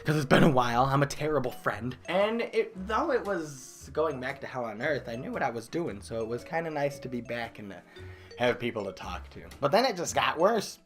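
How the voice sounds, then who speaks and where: A young man vlogging a comedic storytime about his old job, animated, breaking into loud exaggerated outbursts and laughs. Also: medium pitch, brisk, soft background music. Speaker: vlogger telling a work story. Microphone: desk microphone.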